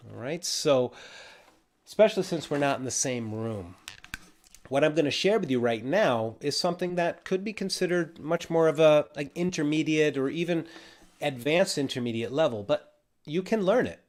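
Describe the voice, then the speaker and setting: A man teaching a ukulele lesson on a livestream, relaxed and encouraging, counting out beats as he explains. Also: a little high, normal speed. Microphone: livestream camera mic.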